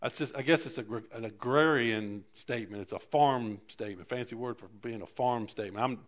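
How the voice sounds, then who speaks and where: A man preaching a sermon in a halting way, often repeating words and asking the congregation for an amen. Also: mid-range voice.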